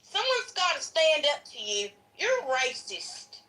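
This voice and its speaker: A woman's voice: high voice, sing-song, measured pace, pushed and bright, low-quality recording. A woman co-hosting a casual chat who talks in a sarcastic, mock-preachy way. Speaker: co-host.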